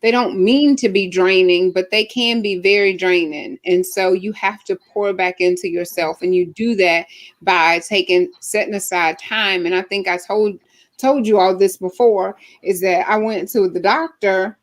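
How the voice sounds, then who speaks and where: An earnest woman hosts a casual group conversation over a video call. Her pitch sits mid-range, and she speaks openly and encouragingly about her own life. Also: normal speed. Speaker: host.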